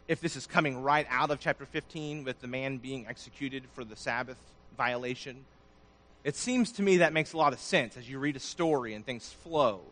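A man preaching a sermon in a somewhat high voice. He swells loud on key words, then drops almost to a murmur. The result is a pulpit delivery full of emphasis. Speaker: pastor.

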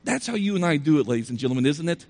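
A man preaches a sermon in a somewhat high voice, leaning on repetition for emphasis. He speaks straight to the congregation with rhetorical questions. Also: very animated, rapid-fire, a little mellow. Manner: repeats phrases for emphasis.

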